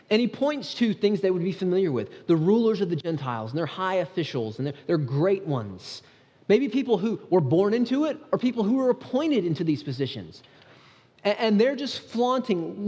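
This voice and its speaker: Sitting high with big pitch swings and a darkish tone, this pastor's voice moves at normal speed. He preaches a sermon in the church sanctuary in an earnest, chatty manner, frequently starting sentences over, with long reverb from the church hall around him.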